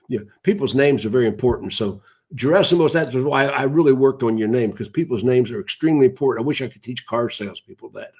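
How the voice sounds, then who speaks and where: A man's voice: medium pitch, quick pace, a little mellow, breathy edge. A man, hosting a live broadcast in a casual, rambling way and greeting viewers by name as he goes.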